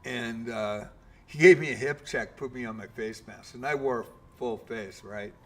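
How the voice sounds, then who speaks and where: A man's voice: mid-range voice, normal speed, fairly bright tone. A man in his fifties, a game streamer, casually telling a long story with lots of fillers and mild swearing.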